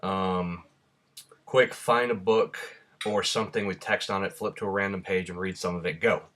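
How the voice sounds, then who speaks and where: A man's voice: sits low, fairly even intonation, moderate pace, a bit bright. A man from Rhode Island with a slight Southern drawl chats casually and bluntly, answering questions with lots of ums. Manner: rambling and blunt, with many ums. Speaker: vlogger.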